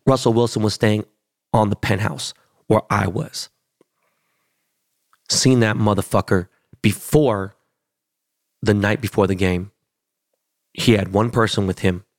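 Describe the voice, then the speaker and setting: Man, podcast host, gravelly, dry close sound, profane boastful storytelling. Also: fairly low pitch, fairly even intonation, a little slow, long pauses, dry recording. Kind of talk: casual chat.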